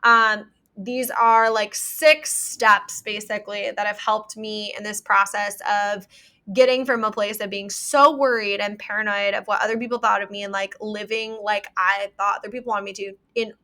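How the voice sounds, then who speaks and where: Bright-voiced chatty young woman. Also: mid-range voice, fairly even intonation, normal speed. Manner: chatty, many "like" fillers, earnest advice. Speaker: podcast host. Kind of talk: casual solo podcast talk.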